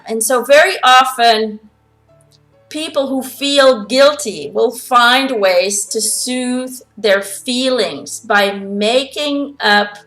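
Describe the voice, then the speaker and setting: A woman's voice: on the high side, fairly bright tone, poor audio. A woman medium answering follower questions in a chatty, giggly way, relaying a spirit's words. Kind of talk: casual channeled Q&A monologue.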